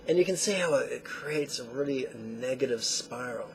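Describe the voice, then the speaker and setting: A man teaching meditation, who tells lively stories and acts out the quotes. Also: medium pitch, moderate pace, gravelly, few pauses, a little hiss or hum. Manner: animated storyteller acting out quotes. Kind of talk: spoken meditation lesson.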